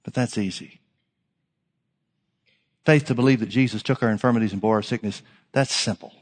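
A man preaching a sermon as pastor, emphatic, swinging from loud declarations to hushed lines. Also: on the low side, normal speed, slightly rough, long reverb tail.

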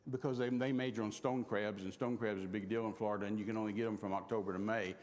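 A man's voice: fairly low pitch, fairly even intonation, quick pace, a little mellow. An older man preaching a storytelling sermon in a folksy way, often stumbling over and repeating his words. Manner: folksy, stammers and repeats words, chuckles while telling. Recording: long reverb of a large hall.

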